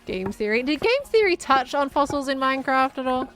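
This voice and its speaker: Giggly chatty woman, higher voice. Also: big pitch swings, a little fast, fairly bright tone, soft background music. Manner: chatty, giggly, thinking aloud. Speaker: gaming streamer. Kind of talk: casual commentary while playing.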